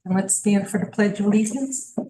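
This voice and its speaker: A woman chairing a school board meeting, reading out the date, the members present and the agenda in a steady official tone. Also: mid-range voice, brisk, poor audio. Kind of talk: formal meeting procedure.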